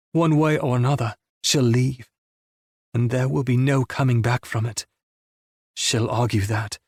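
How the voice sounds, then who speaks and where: A man narrating a romance audiobook in the first person, with a subdued, intimate reading and a husky voice. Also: mid-range voice, no echo, studio quality.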